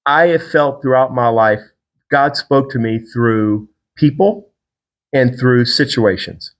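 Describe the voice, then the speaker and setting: A middle-aged man hosting a podcast, telling a personal faith story in a casual, animated way and acting out the people he quotes. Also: slow. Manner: animated storyteller, acts out quotes with big pitch jumps. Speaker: podcast host.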